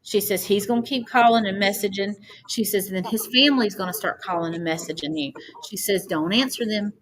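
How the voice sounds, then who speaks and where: Speaking a little fast in a mid-range voice, this female podcast guest tells a personal story with earnest feeling, quoting other people at length. The recording is low in quality, with faint noise behind her.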